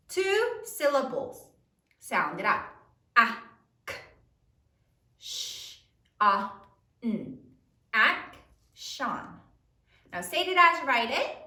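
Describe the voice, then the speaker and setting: A woman teaching a spelling lesson to third graders, slowly sounding out each letter in a sing-song way. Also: sits high, sharp tone, echoey room, far from the mic. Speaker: elementary school teacher.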